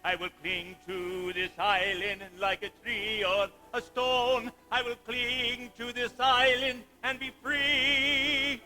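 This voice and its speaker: A man's voice: very high-pitched, little pitch movement, slow pace, few pauses, sharp tone, soft background music, full character voice. A teenage boy acting and singing as a heartbroken middle-aged French planter in a school musical on stage. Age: late teens. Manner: pleading, emphatic, sung passages. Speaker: student actor in a school musical.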